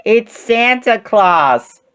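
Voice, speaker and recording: A man voicing a tiny little boy bear in a storybook reading, high, squeaky and slow. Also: fairly bright tone, smooth. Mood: eager.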